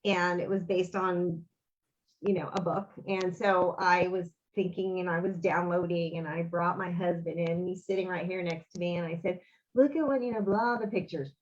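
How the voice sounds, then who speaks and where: A woman's voice: fairly low pitch, little pitch movement, normal speed, muffled recording. A woman, a guest on an interview, telling a personal story in an earnest, rambling way and acting out the dialogue. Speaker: interview guest, author and bereaved mother.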